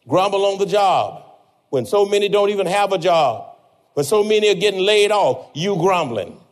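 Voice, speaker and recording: An older man preaches in a high, bright register. He repeats words and pushes his emphasis upward as he makes each point. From Louisiana. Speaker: pastor. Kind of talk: sermon.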